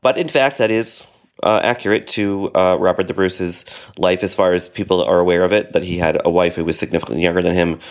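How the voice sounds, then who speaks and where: A man with a very deep voice and a gravelly, fry-laden edge, trading casual film talk as a podcast co-host. He talks loosely, hedging and circling back with frequent restarts, and his voice sits low throughout. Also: level tone, a little fast.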